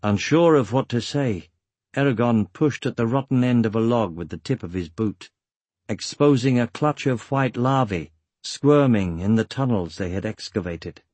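A man reading an audiobook as narrator, measured and steady, with a husky voice. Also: mid-range voice, dry recording. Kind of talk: scripted narration.

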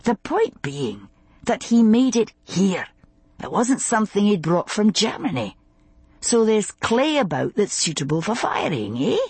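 Gruff man, read by a woman, understated, husky edge, dry sound. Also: mid-range voice, big pitch swings, unhurried, darkish tone, no echo, pitched above the performer's own voice, heavily acted. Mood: eager. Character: gruff thoughtful Scottish husband, adult man.

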